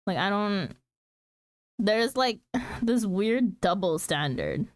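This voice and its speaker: A woman's voice: mid-range voice, sing-song, slow, long pauses, dry recording. A woman streamer chatting casually with her viewers, laughing often and talking with lots of "like" fillers. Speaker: streamer reading chat. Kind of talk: casual chat.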